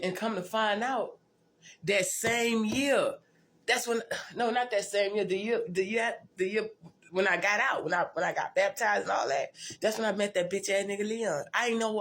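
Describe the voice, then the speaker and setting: A woman's voice: mid-range voice, normal speed, a bit bright. A woman tells her life story in a blunt, profane, rambling way, often restarting and repeating herself. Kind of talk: casual storytelling monologue.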